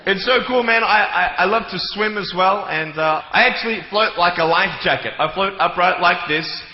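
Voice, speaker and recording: A man's voice: high-pitched, normal speed, a little hiss or hum. A young man, giving a joking motivational talk to a live audience in a large hall and acting out little scenes as he goes. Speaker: motivational speaker. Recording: echoey hall, slightly dull sound.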